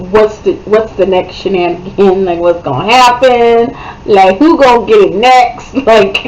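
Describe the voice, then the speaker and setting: A woman giving a casual, animated book review, chatty and often checking in with her listener. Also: mid-range voice, rough recording. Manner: chatty, animated, keeps asking "okay?".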